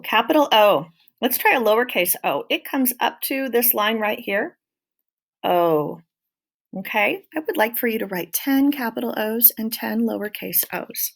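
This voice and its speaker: A woman teaching a phonics lesson to young children, speaking slowly and clearly and stretching out sounds in an encouraging way. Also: medium pitch.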